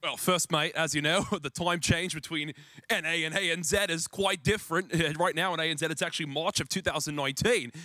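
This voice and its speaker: Australian man, young, deadpan jokes, bright forceful voice, dry close sound. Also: fairly high pitch, fairly quick, no room sound. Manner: deadpan joker. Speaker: pro gamer guest. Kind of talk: joking interview. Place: event stage.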